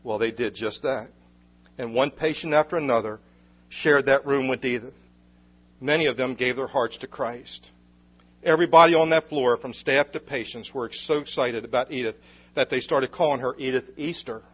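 A man's voice: medium pitch, normal speed, husky. A man preaching, telling a story in an earnest, emphatic way on a dull lo-fi recording. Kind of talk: sermon storytelling.

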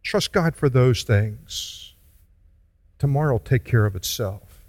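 A man's voice: medium pitch, animated, a little mellow, no echo. A man preaching a sermon as pastor, earnest and pleading, then leading the congregation in prayer. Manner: earnest, pleading, slow deliberate delivery.

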